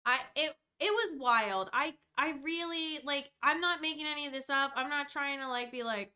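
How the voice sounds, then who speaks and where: A woman's voice: sits high, moderate pace, hardly any pauses, bright, forceful tone. A young woman vlogger telling a storytime rant, exasperated and rambling, swearing freely as she goes.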